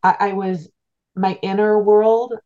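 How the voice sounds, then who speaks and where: Her voice is medium-pitched, warm, and level, and she takes a slow pace. This middle-aged spiritual teacher, appearing as an interview guest, reflects earnestly on a personal story, frequently restarting and repeating words over dull lo-fi sound.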